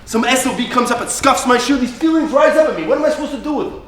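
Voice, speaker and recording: A man acts out a hot-headed young street thug with a brash, profane edge. His voice rides high and jumps around. It is heard from a distance on an echoing stage with faint hiss. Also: big pitch swings, moderate pace. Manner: brash, profane, bursts of laughter. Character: volatile young male street thug, cursing. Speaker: stage actor. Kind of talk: live stage play. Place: theater stage.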